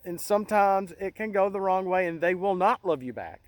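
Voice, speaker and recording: Earnest, halting man, dry close sound. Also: high-pitched, animated, no room sound, rough recording. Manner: halting, many restarts, earnest and emotional. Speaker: channel host. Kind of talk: casual monologue.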